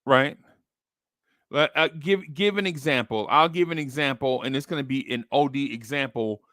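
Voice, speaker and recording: A man's voice: medium pitch, a bit bright, no room sound, studio quality. A man hosting a podcast, chatting casually about basketball trades and acting out imagined phone calls. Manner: acts out phone calls in a streetwise voice. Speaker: podcast host.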